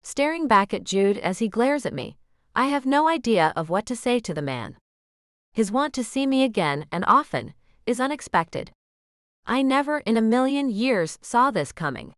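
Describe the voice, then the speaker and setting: Woman narrator, first-person romance, higher voice, animated, dry close recording. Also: moderate pace, no room sound. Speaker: audiobook narrator.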